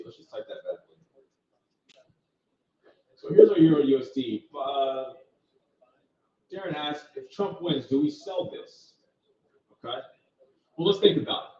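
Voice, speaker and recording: A man hosting a live trading stream, walking viewers through market charts in a casual, direct way and thinking aloud. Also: on the high side. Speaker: trading channel host. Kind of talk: live market commentary with screen share. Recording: roomy, distant, dull sound.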